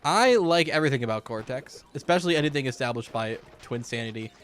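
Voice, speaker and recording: A man's voice: mid-range voice, lively intonation, fast, fairly bright tone, faint music behind. A man giving casual, rambling commentary while streaming a game, joking and swearing freely, in a hot room at home.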